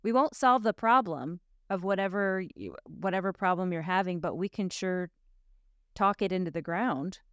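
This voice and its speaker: A woman co-hosting a podcast in casual chat, encouraging and quick to back up her partner. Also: lowish voice, lively intonation, fairly bright tone, dry recording, highs cut off. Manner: encouraging and supportive, quick to affirm. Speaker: podcast co-host.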